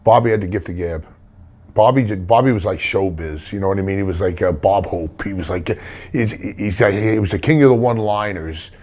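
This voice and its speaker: A man's voice: low-pitched, a little fast, a little mellow. A middle-aged man, a wrestler telling rambling stories full of restarts in a casual interview. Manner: rambling anecdotes with many restarts. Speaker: wrestler guest.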